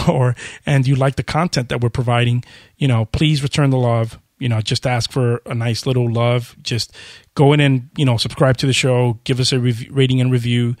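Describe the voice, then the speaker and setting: A male podcast host speaks in a mid-pitched voice, quick and conversational, with frequent "uh"s and "you know"s. The sound is dry and close, with no room echo. He keeps an easy, casual pace as he addresses his audience. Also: a little mellow. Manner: talks fast, chatty, with many fillers.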